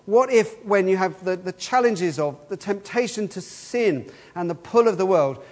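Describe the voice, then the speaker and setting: A man's voice: sits high, animated, normal speed. A man preaching a sermon in an earnest way, asking the same questions again and again. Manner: earnest, repeats rhetorical questions. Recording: long hall reverb.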